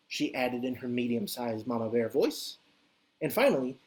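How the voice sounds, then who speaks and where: A woman reading a children's story aloud as an expressive, animated storyteller. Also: rumbling low, moderate pace.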